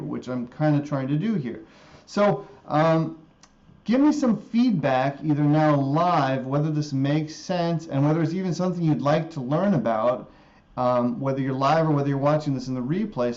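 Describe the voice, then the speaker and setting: A man teaching guitar music theory in a live stream, slowly repeating a scale formula and often checking in with an "okay?". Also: on the high side, a little mellow, dull audio. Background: guitar playing.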